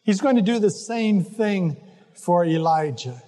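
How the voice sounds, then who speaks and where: A man preaching a sermon, earnest and gently exhorting his listeners. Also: sits high, animated, a little slow, big-room sound. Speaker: pastor.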